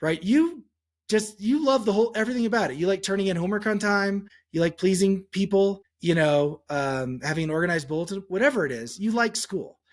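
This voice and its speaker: Man, psychologist guest, lively storytelling, slightly higher voice, restarts and fillers, podcast mic. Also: a little fast. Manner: animated storytelling, acts out quotes with pitch jumps. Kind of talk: podcast interview answer.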